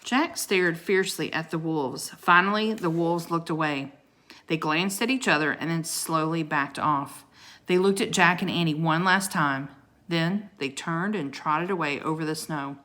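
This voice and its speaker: A woman reading a children's storybook aloud to a child, expressive with small stumbles. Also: sits low, unhurried. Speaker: reader of a children's book.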